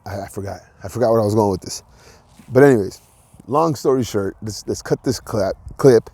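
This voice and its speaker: A man's voice: on the low side, fairly quick, warm tone, no room sound. A man hosting his own podcast, talking alone in a casual, rambling way with many restarts, earnest and encouraging. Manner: rambling, with frequent restarts and filler words. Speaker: podcast host. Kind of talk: casual solo monologue.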